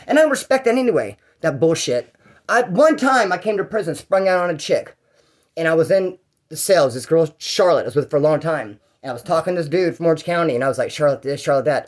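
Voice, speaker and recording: Fast-talking, profane storyteller man. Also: fairly high pitch. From Bakersfield, California. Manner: rambling, profane, animated, acts out dialogue. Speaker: storyteller recounting prison life. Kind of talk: casual storytelling vlog.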